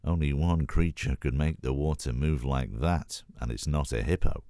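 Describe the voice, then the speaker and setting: A man voicing a calm, protective male leopard who speaks in a measured, deliberate way, in a storybook reading. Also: a bass voice, dry recording, studio quality. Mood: hushed.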